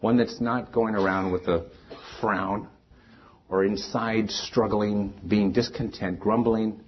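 A man's voice: fairly low pitch, fairly even intonation, slow, slightly rough, muffled recording. A man preaching a sermon as pastor, earnest and rising to emphatic peaks.

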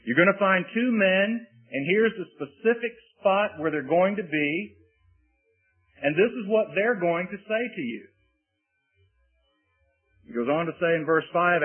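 A man's voice: high voice, expressive, measured pace, pauses often. A man preaching a sermon, reading scripture passages aloud and then explaining them to the listeners. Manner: reads scripture aloud in old-fashioned wording, then explains it. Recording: husky voice over a tinny phone-like line.

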